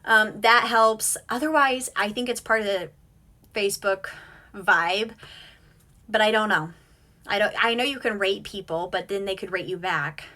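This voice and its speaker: A woman's voice: mid-range voice, unhurried, pushed and bright. A woman hosting a casual live stream from home, chatting and answering viewer comments. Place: home at night with kids asleep nearby.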